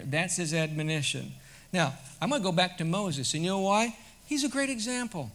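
Bright-voiced male pastor preaching. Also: high voice, expressive, moderate pace. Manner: conversational preaching, swelling to loud emphatic peaks. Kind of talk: sermon.

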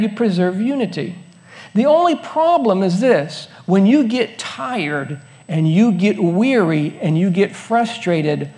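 A man's voice: sits high, darkish tone. A male pastor giving a conversational, folksy sermon, with asides to the congregation.

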